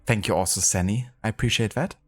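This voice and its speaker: A man's voice: lowish voice, quick pace. A man streaming a video game live, chatting casually and thanking viewers with many fillers. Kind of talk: casual live-stream chat while gaming.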